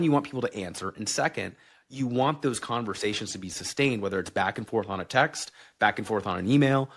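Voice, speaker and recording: A man's voice: fairly low pitch, fairly bright tone. A man guesting on a podcast, speaking candidly and bluntly in a casual way, full of "like".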